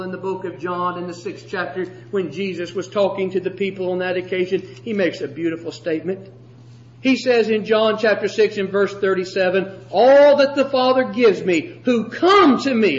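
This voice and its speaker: Impassioned high-voiced preacher, echoey hall. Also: male voice, slight background noise. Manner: impassioned, swings from shouting to hushed. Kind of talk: sermon. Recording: echoey room, slightly dull sound.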